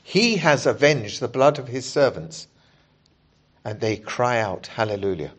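A man preaching a sermon, explaining scripture in a measured, earnest way and reading passages aloud to the congregation. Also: mid-range voice, lively intonation, husky.

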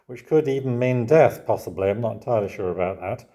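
Older male preacher, low register, chatty teaching sermon with rhetorical asides. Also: brisk, warm tone. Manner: conversational, with rhetorical tag questions. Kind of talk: expository sermon.

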